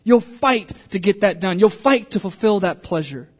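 A man preaching a sermon in church with a fairly high, light voice. He speaks earnestly, voicing the thoughts of his listeners as he goes. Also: expressive, moderate pace, a little mellow. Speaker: pastor.

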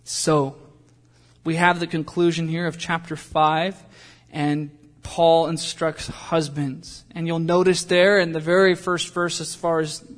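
Male pastor, high voice, fervent sermon delivery, swings from loud urging to quiet direct asks. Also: level tone, a little slow. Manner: emphatic preaching with rhetorical questions to the congregation; shifts between loud fervent passages and quiet pointed asides.

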